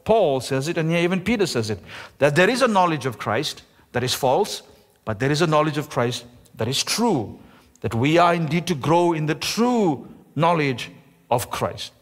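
A man, the pastor, preaching a sermon with emphasis, slowing down and stretching key words. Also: a little high, a bit bright. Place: church sanctuary. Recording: echoey church hall.

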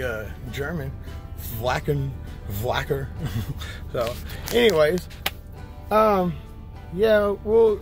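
A man, a trucker doing a loud country-boy comedy skit and chatting casually with viewers. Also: medium pitch. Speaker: trucker vlogger.

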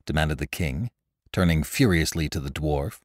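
A man narrating a classic story as a podcast host, in an expressive, theatrical reading on a close studio mic. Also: rumbling low, moderate pace, no room sound. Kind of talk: dramatic audiobook reading.

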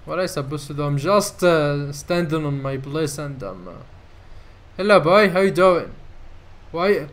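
A man narrating his playthrough in a fairly high voice. He talks slowly and reacts excitedly to what happens on screen, reading the game's lines aloud as he goes. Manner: excitable, reads game dialogue aloud and laughs often. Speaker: gamer. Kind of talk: let's play commentary.

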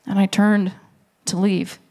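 On a live stage in front of an audience, a stand-up comic in their thirties spins a long story, briefly voicing the people in it with quick impressions. Their voice is medium-pitched and warm, with little movement in pitch. Audience laughter can be heard in the background.

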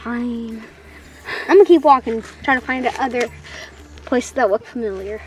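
Mario is a cocky grown man who taunts and bosses his brother around in a goofy comedy sketch. The voice is high and mocking. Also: normal speed, husky. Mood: grumpy. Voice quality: teasing, mocking.

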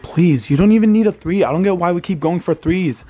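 High-voiced anxious young man, pleading. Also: fairly quick, dark tone. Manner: anxious, pleading, swearing, swings between panic and groans. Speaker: vlogger reacting to a basketball game. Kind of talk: live sports reaction. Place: home, indoors. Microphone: handheld camera.

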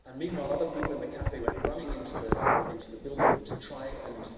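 A man's voice: medium pitch, fast talker, heavy background noise. A man giving a conference talk to teachers, addressing the audience directly and telling a story in a conversational way. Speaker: conference speaker. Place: large conference hall. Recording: echoey hall from far off.

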